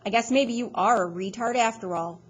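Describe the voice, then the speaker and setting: A woman's voice: on the high side, brisk, breathy edge, pitched above the performer's own voice. Woman reading a cruel, menacing man. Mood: contemptuous. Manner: threatening, contemptuous.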